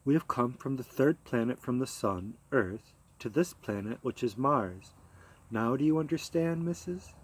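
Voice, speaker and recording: An earnest spaceship crewman spells out where his crew has come from, as a man reading a story puts him on. He speaks slowly and carefully, in close to the reader's own voice. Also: medium pitch, animated. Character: earnest male astronaut crew member.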